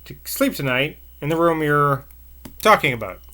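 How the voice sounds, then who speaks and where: Guy reading a calm earnest mayor, slow and firm, kinda bright tone. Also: a little high. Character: Mr Geard, a steady middle-aged mayor.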